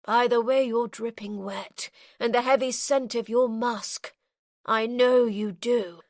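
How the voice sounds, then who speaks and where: A woman voicing a brooding, seductive male earl, murmuring slowly and hushed with a low growling rasp. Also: steady tone, dry recording, clean studio sound. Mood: sultry. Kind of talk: audiobook character voicing.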